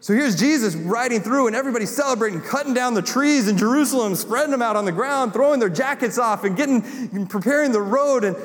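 A man's voice: very high-pitched, expressive, fast talker, hardly any pauses, long reverb tail. A man from North Carolina with a Southern accent, preaching a sermon as pastor, building to emphatic repeated lines.

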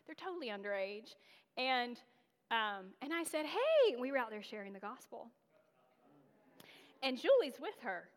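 A woman's voice: fairly high pitch, lively intonation, normal speed, pauses often. Candid woman preaching in a reverberant hall. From North Carolina, USA. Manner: conversational and candid, with self-deprecating laughs and frequent fillers. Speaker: guest preacher. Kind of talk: storytelling sermon.

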